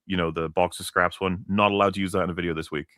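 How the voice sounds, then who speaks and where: A man's voice: low-pitched, fairly even intonation, rapid-fire, a bit bright, no echo, clean studio sound. A man co-hosting a casual talk show, rambling in earnest asides. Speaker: podcast co-host. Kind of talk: casual chat.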